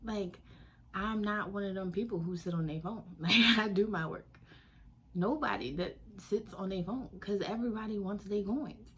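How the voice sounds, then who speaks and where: A woman telling a casual storytime vlog, animated and sassy, laughing often. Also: medium pitch, slight background noise. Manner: animated, sassy, laughing often, African American Vernacular English slang.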